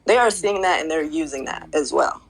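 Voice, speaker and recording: A woman in an online audio space, giving earnest, measured commentary. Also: low voice, lively intonation, vocal fry, rough recording. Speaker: Twitter Space speaker. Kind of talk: casual discussion.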